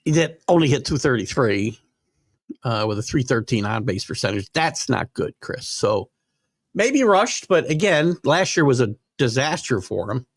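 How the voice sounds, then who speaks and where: A man's voice: medium pitch, big pitch swings, moderate pace, husky, dry recording, clean studio sound. An older man hosting a live sports talk show, chatting casually and rambling with fillers while reading viewer comments. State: hiccups.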